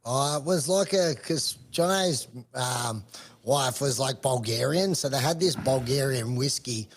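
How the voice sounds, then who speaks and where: A man's voice: mid-range voice, unhurried. An Australian man on a podcast, rambling through a story with swearing and laughs. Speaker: podcast co-host. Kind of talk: casual chat.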